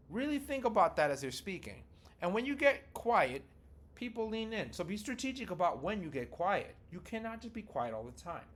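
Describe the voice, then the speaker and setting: A man's voice: high voice, fairly bright tone. A man talking casually and with many fillers as he teaches public speaking in a video lesson. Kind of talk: teaching video on vocal delivery.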